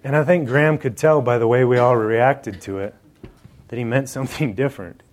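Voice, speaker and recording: A man's voice: mid-range voice, a little fast. A man preaching a sermon, joking and talking straight to the congregation in an indoor hall. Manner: conversational and joking, addressing the congregation directly.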